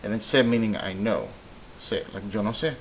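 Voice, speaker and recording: A man teaching a recorded Spanish grammar lesson, explaining in a relaxed way with lots of ums and uhs. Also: lowish voice, moderate pace, low-quality recording. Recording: faint hiss.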